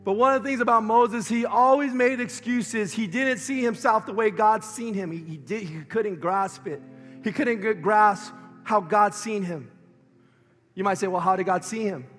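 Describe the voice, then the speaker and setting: A male pastor preaching a sermon with impassioned, shouting delivery, losing his voice. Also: sits high, moderate pace, big-room sound, soft background music.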